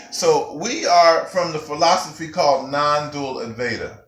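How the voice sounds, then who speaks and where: A male Sufi teacher addresses a gathering with a bright, forceful voice. His pitch sits slightly high, and his delivery is emphatic and animated, like a preacher's. The sound carries the echo of a roomy hall, with faint music underneath. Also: a little slow. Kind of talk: spiritual teaching talk. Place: gathering room with audience.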